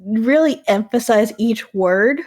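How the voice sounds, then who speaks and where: A woman's voice: a little high, lively intonation, slow pace, darkish tone. A woman co-hosting a casual reaction chat, giggly and a little unsure. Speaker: co-host reacting to game music. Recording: music playing behind.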